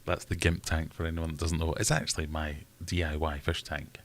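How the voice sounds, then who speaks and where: Scottish male livestream host, low-pitched, easygoing, reads viewer chat aloud. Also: flat delivery, a little fast. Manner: chatty, reads out viewer comments. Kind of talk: casual live Q&A chat.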